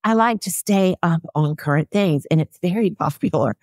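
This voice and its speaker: A woman putting on the voice of her ladylike older mother, with a soft Southern US accent. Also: fairly low pitch, normal speed, no room sound, clean studio sound, natural voice. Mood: amused.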